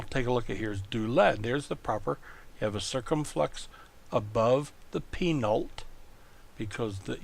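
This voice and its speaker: Male lecturer, slow and deliberate, gravelly fry in the voice, walks through rules step by step. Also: mid-range voice. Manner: slow, explaining step by step with rhetorical checks. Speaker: Greek teacher. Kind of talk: recorded lecture.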